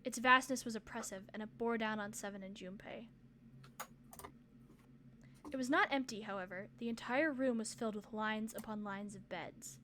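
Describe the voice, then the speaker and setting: A woman narrating a game aloud on a stream in a steady, expressive reading. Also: on the high side, normal speed, a little hiss or hum.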